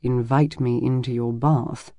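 A man voicing a gentle, teasing medieval warrior who speaks low and tenderly. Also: flat delivery, unhurried, no echo, studio quality, natural voice.

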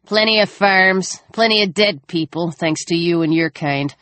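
A man's voice: high voice, moderate pace, pushed and bright, dry recording. A woman doing a sneering hostile scavenger man. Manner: sneering, curt. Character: gruff male scavenger, menacing and hostile.

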